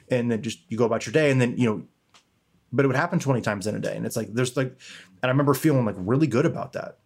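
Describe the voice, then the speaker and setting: A man's voice: mid-range voice, quick pace. A young man co-hosting a podcast, talking candidly in a rambling way and swearing casually. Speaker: podcast co-host.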